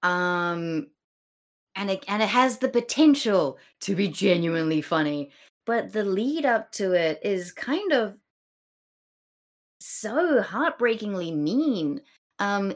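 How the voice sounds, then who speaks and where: Slow, chatty woman podcast co-host. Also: mid-range voice, expressive. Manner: chatty, many fillers and acted-out quotes. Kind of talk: casual chat about a play.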